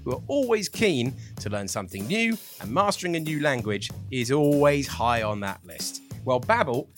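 A man's voice: mid-range voice, moderate pace, soft background music. A man co-hosting a sports podcast, enthusiastic, also reading an ad. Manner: lively, enthusiastic. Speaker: podcast co-host.

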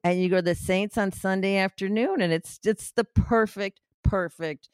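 A woman from Chicago chatting casually on a podcast, animated and teasing, talking fast. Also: mid-range voice, clear, resonant tone, no echo, studio quality. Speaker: co-host, political commentator's wife. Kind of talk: casual chat.

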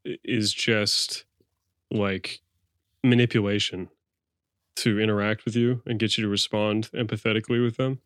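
A man's voice: on the low side, flat delivery, moderate pace, a bit bright, no echo, studio quality. A man in casual podcast chat, explaining things hesitantly and stumbling over his words. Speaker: podcast co-host.

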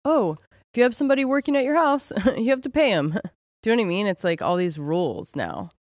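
A podcast co-host in casual crude chat, sarcastic and quick to laugh, saying "like" and "dude" a lot, on a dry close mic. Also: mid-range voice, animated, no echo.

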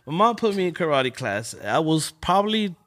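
Animated storytelling man from LA. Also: a little high, moderate pace. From Los Angeles. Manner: animated, acts out voices in stories. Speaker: guest. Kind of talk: casual storytelling.

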